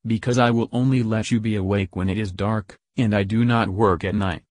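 Stern, scolding male creator spirit, read by a man, low and dry. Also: steady tone, brisk, darkish tone, no echo, lightly acted. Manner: commanding and scolding. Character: stern, angry male Great Spirit and maker of all things.

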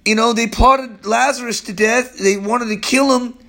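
A man's voice: extremely high pitch, steady tone, moderate pace, pushed and bright. A male pastor with a weather-strained voice gives a casual Bible-study sermon, chatty and loose, often dropping "man".

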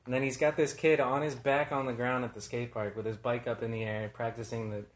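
A laid-back man chatting and teasing a friend, dropping swear words in passing. His voice is mid-pitched and ordinary, with a noticeable echo from the room. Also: flat delivery, a little fast. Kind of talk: casual chat. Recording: roomy echo.

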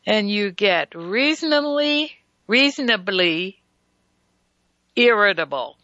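A woman's voice: medium pitch, animated, takes it slowly, sharp tone, no room sound, highs cut off. A woman hosting a casual radio health talk show, emphatic and folksy, who often stutters and restarts her sentences.

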